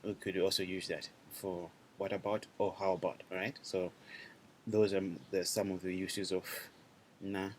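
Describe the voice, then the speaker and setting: A man's voice: deep voice, flat delivery, a little slow, a little mellow, slight background noise. A man teaching a language class online, talking loosely, repeating himself and checking in with his students.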